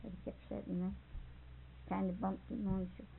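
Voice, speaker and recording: A woman's voice: medium pitch, little pitch movement, brisk, creaky. An older woman, telling a family story in a rambling, folksy way and often chuckling. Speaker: interviewee. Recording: tinny phone-like recording with faint hiss.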